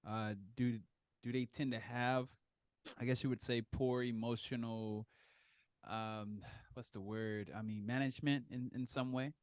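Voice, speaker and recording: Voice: medium pitch, fairly even intonation, measured pace, clean tone, dry recording, clean studio sound. A podcast host asking hesitant, rambling questions. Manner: hesitant questions, many fillers. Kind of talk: podcast interview.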